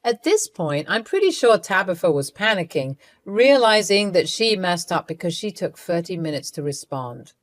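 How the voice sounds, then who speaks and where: A woman's voice: lowish voice, sing-song, normal speed, few pauses, no echo. Woman storytime narrator, amused and conspiratorial, dry close read.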